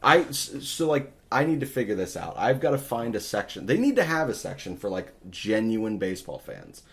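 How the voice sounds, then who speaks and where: Male podcast host, low voice, profane and exasperated rant. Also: wildly swooping pitch, fairly quick, gravelly, fairly bright tone.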